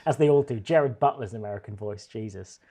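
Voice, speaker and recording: A man's voice: on the low side, fairly quick, warm tone, husky. Male podcast host, casual comedic banter, laughs a lot. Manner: rambling, laughs often.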